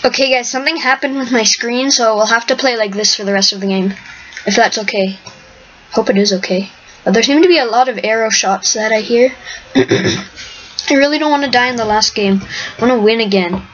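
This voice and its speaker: A woman's voice: fairly high pitch, a little fast. A woman hosting her own game video, commenting live on play in a rambling, chatty way and sometimes dropping to a whisper. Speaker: host, gamer. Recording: dull lo-fi mic with faint hiss.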